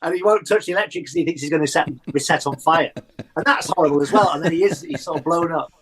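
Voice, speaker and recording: A man, a guest on a chat show, telling childhood stories in an animated way and laughing often. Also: fairly high pitch, fast talker, rough recording. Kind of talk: casual chat.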